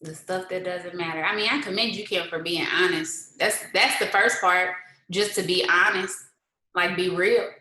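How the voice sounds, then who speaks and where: A woman's voice: on the low side, steady tone, moderate pace, sharp tone, reverberant, low-quality recording. A woman hosting a casual live-stream pep talk at home, firing rhetorical questions and mixing faith-based encouragement with colloquial asides and frequent laughter. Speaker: motivational host. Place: indoors at home.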